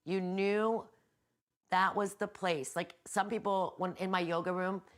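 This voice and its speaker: Speaking in a mid-range voice at a measured pace, a yoga instructor and healer runs an informal guided meditation from her hotel room. Her talk is relaxed, meandering, frank, and sprinkled with the odd curse.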